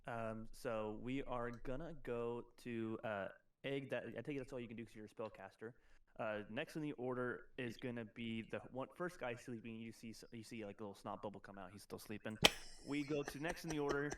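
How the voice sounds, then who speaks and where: A man's voice: medium pitch, brisk, far from the mic. A man running a tabletop game as game master, explaining rules with many fillers and restarts.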